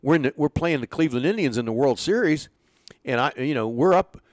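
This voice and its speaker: An older man, a retired pitching coach, telling rambling, chuckling anecdotes in a casual interview. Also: expressive, brisk, no echo, studio quality. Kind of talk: casual storytelling.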